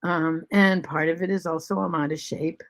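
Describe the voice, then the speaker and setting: A woman of seventy-three talking in a halting, soft way at home, pausing with many ums and restarts. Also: lowish voice, steady tone. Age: 70s. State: short of breath after covid. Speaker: vlog host. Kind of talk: casual spoken reflection.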